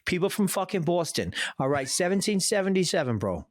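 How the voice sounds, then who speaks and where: A man's voice: high-pitched, big pitch swings, fairly quick, no echo, studio quality. A man co-hosting a podcast, bantering and joking with casual swearing. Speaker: podcast co-host. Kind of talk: casual chat recapping a TV episode.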